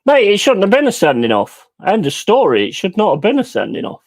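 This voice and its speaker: A man's voice: high voice, wildly swooping pitch, brisk. A man hosting a football watch-along, ranting furiously with heavy swearing about refereeing decisions. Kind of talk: live football reaction commentary.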